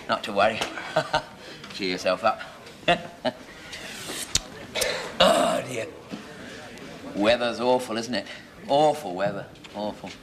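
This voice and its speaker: Over a noisy background with studio audience laughter, a fairly low-pitched male actor plays a fussy, chatty pub landlord in a 1970s sitcom. He chatters, giggles and laughs at his own jokes, clearly amused with himself.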